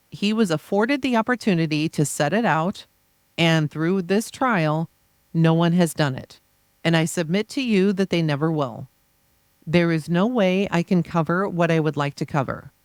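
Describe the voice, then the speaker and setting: A podcast reader voicing a defense attorney's closing argument, forceful and insistent with repeated rhetorical phrases. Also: mid-range voice, no echo, clean studio sound. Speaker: podcast reader of trial transcripts. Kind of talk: reading a courtroom closing argument aloud.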